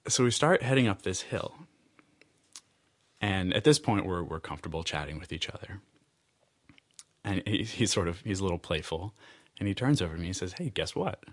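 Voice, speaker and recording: An American man with a low, grounded voice tells a personal story aloud. He rambles cheerfully, laughs often and trips over his own phrases as he goes. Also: animated, normal speed, pauses often. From United States.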